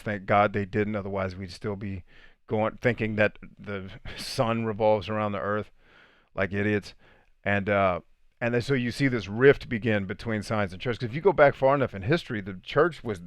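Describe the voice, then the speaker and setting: A man's voice: fairly low pitch, dry recording, clean studio sound. A man hosting a live podcast stream, reading comments and giving blunt, preachy opinions. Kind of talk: livestream chat.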